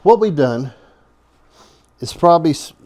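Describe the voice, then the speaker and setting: Folksy, animated man hosting a cooking vlog. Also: fairly high pitch, unhurried. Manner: folksy, rambling, chuckling asides. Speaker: home cooking show host.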